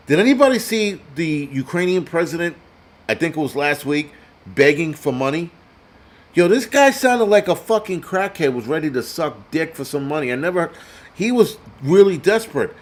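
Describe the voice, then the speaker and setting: A man's voice: fairly high pitch, animated, moderate pace. Crude ranting male prepper host. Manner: reads donor names aloud. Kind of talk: profane live-stream commentary.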